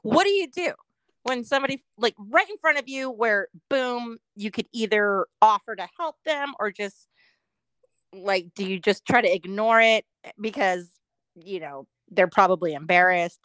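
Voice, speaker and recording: A woman's voice: mid-range voice, animated, moderate pace, fairly bright tone, smooth, no echo, poor audio. A woman in her forties co-hosting a podcast, chatting casually with lots of swearing and giggles. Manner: profane, giggly. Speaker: podcast co-host. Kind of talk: casual chat.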